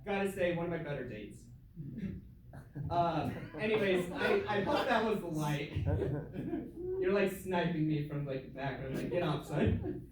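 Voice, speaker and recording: A man's voice: a little high, animated, normal speed, pauses often, a crowd in the background. A young man performing a casual, self-deprecating stand-up comedy set in a comedy club, laughing at his own jokes. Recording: echoey room heard from far off.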